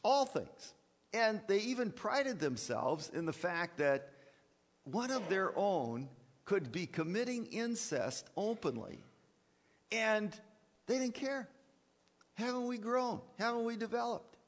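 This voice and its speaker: Animated preacher in an echoing church. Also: male voice, sits high, takes it slowly. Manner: animated, with repeated words and sarcastic asides. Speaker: preacher and college teacher. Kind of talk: sermon.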